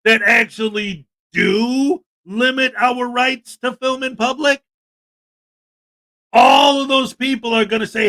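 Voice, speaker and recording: A man's voice: very high-pitched, fairly even intonation, slow, bright, forceful tone. A man hosting a livestream, talking in an indignant, emphatic rant and reading out chat. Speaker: livestream host. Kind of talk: livestream commentary.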